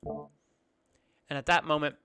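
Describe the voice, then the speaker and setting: A man running a tabletop game, narrating each scene for his players. His voice is bright and crisp and sits a little high. He backtracks and restarts mid-sentence now and then. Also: fairly even intonation, takes it slowly. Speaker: game master.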